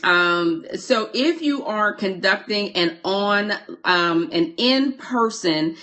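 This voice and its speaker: An online course coach teaches on a live stream while reading viewer comments, her mid-range voice bright and pushed, with lively intonation and a slow pace. She's chatty, often repeats herself, and breaks off mid-sentence to greet and thank viewers.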